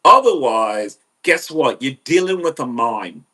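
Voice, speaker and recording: A man ranting on his podcast in a profane, animated monologue. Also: medium pitch, a little slow, breathy edge. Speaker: podcast host.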